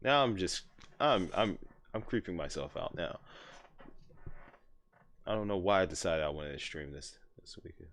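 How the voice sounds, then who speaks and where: A man's voice: low voice, animated, moderate pace, long pauses. Rambling young man streaming a game. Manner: rambling, repeats himself, says man a lot. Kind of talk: casual live gameplay chat. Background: loud game music.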